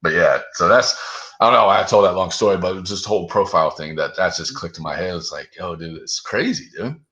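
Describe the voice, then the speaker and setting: A man's voice: low-pitched, lively intonation, fast talker, fairly bright tone. A man, the guest on an interview show, telling a long story in a loose, profane way, full of 'dude' and 'like'. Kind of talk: casual storytelling.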